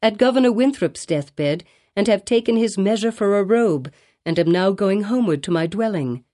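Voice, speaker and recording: Brief: woman narrator as calm dignified colonial mother, mellow, formal old phrasing, audiobook. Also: medium pitch, moderate pace, close to an everyday voice.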